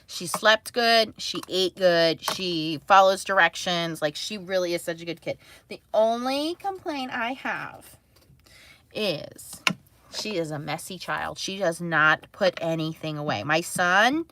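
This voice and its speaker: A woman's voice: on the low side, measured pace, a bit bright, a little hiss or hum. A woman casually telling a family story to her live chat, rambling and full of filler words, laughing at herself. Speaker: mother streaming to live chat.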